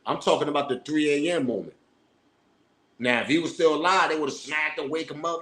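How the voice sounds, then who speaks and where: A man, riffing through hip-hop news commentary. He talks in a loose, animated, rambling way, full of profane street slang, and he keeps acting out what people would say. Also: on the high side, fairly quick. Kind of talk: casual commentary.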